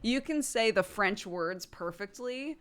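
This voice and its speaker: A woman streamer casually answering chat questions, animated, laughing often and swearing freely. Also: mid-range voice, measured pace.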